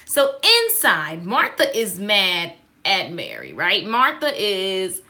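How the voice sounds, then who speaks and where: A woman giving a casual devotional talk, sassy and animated, calling out to listeners. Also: mid-range voice, slow pace. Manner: sassy, animated, call-and-response.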